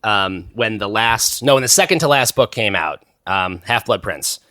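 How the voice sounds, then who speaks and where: A man's voice: lowish voice, lively intonation, normal speed, pushed and bright, no room sound, studio quality. A man in his thirties chatting as a podcast guest, rambling through stories with lots of fillers and restarts. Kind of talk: casual chat.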